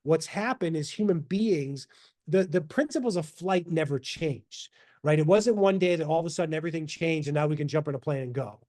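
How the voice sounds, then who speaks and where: A man speaking as a podcast guest in casual interview talk, animated and motivational, over a video call. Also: on the high side, brisk. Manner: animated, motivational, quotes himself in asides.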